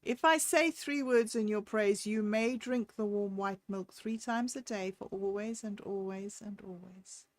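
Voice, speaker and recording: A woman voicing a wise, scornful cave-dwelling wife who speaks loudly and firmly. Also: mid-range voice, measured pace, hardly any pauses, no room sound, close to an everyday voice.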